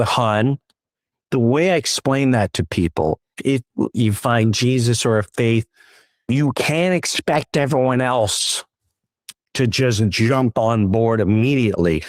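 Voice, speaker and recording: A man telling a personal story at an open mic, animated and acting out the quotes. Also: medium pitch, no echo, clean studio sound. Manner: unhurried, animated, acts out quotes.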